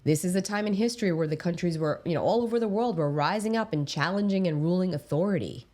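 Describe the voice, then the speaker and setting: Low-voiced emphatic woman astrologer. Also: fast, dark tone. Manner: emphatic, stresses key words, addresses viewers directly. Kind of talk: explanatory talk to camera.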